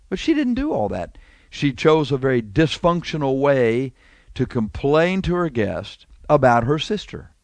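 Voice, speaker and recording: A male preacher delivering a sermon in a mid-pitched voice. He talks animatedly, piling up rhetorical questions and slowing down to lean on key phrases. The recording is dry and close, with no room echo. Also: big pitch swings, darkish tone.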